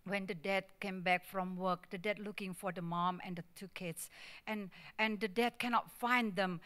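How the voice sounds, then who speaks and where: Bright clear woman preaching emotionally. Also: medium pitch. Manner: emotional storytelling with non-native English; acts out quoted voices in the story. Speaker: guest speaker at church. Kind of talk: Mother's Day sermon. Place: church.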